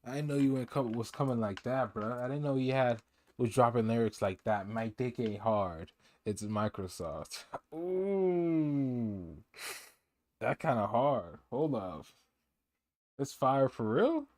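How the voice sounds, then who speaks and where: A man in a middle register speaks slowly with a lively, bouncing pitch, tossing out slangy jokes while he reacts to a clip on stream. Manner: joking, slangy, laid-back banter. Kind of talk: casual reaction commentary.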